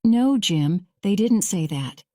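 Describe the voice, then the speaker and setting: A woman reading as a calm probing lawyer. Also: mid-range voice, no room sound, studio quality. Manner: measured, slow graded-reader delivery.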